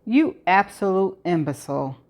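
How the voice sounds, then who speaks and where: Woman doing cold mocking killer guy, weary, lowish voice, audiobook style. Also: lively intonation, moderate pace. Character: cold, calculating male killer, middle-aged.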